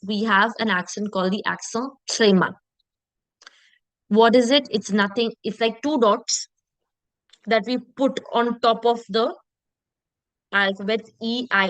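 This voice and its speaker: A woman's voice: medium pitch, a bit bright, no echo, poor audio. A woman teaching French pronunciation in an online lesson. She repeats terms patiently and often checks in with her students by asking "okay?".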